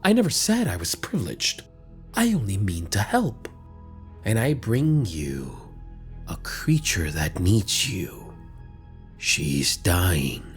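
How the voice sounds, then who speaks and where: A man's voice: low voice, huge pitch swings, slow, faint music behind, heavily acted. A man voicing an earnest male creature who pleads in a raised voice. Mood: pleading.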